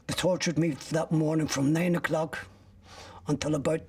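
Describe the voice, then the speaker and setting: A man's voice: on the high side, flat delivery, moderate pace, slightly rough, recorded from a distance. An older man, recounting a personal ordeal as an interviewee in blunt, graphic words with swearing.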